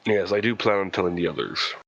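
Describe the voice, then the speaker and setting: Low-voiced man playing a tabletop game. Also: fast talker, fairly bright tone, no room sound, lo-fi sound. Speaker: player. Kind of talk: in-character tabletop play.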